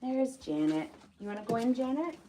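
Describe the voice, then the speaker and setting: A woman's voice: on the high side, very animated, normal speed, dark tone, a little hiss or hum. A woman vlogging her farm chores, talking affectionately and teasingly to her animals. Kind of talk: casual talk to farm animals.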